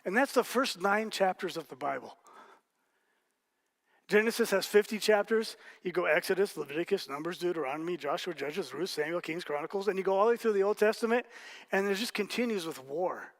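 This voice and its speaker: A man's voice: sits high, a little fast. A man preaching a sermon as pastor, telling stories casually with jokes and asides to the congregation. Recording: hall reverb.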